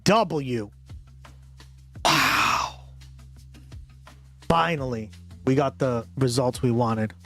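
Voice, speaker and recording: A man's voice: mid-range voice, soft background music. A man livestreaming, reacting to results and talking to his chat with lots of swearing. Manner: profane, drawn-out excited reactions to chat. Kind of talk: live stream reaction commentary.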